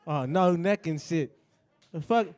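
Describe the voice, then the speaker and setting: On stage, a young man delivers a profane stand-up set, addressing the audience directly and with lots of energy. His voice is slightly high, clear and resonant, and he keeps a measured pace.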